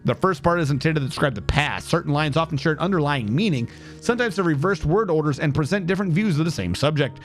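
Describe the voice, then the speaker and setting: Male streamer, a touch high-voiced, casual game commentary with wry asides, light music bed. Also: lively intonation, quick pace. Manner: wry, sarcastic asides while reading game text aloud.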